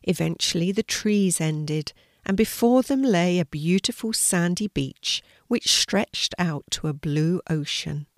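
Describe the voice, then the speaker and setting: An older woman reading a children's story aloud in a gentle storytelling manner. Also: on the low side, animated, measured pace, no room sound, studio quality.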